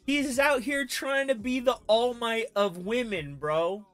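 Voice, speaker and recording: A woman's voice: on the high side, unhurried, soft background music. A woman reacting casually in slangy, laughing banter.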